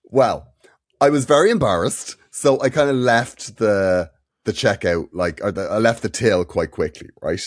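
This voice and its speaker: A man's voice: lowish voice, normal speed, no echo, studio quality. An Irish man co-hosting a comedy podcast, telling self-mocking stories with lots of laughter. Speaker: podcast co-host. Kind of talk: comic storytelling chat.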